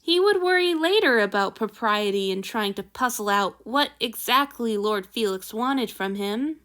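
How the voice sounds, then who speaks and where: A woman's voice: on the high side, expressive, moderate pace, a bit bright. A woman reading a fan story aloud, narrating and shifting her delivery for each character. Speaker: fanfiction reader.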